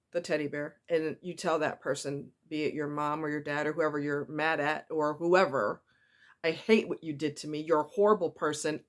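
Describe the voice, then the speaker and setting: Chatty, confiding woman vlogger. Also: fairly low pitch. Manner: warm, chatty, confiding, given to asides. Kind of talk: casual heartfelt talk to viewers.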